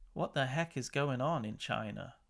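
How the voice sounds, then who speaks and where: His voice is medium in pitch, gravelly, and fairly bright as he hosts a channel and comments on news clips. The man chats casually and with exasperation, laughing between remarks.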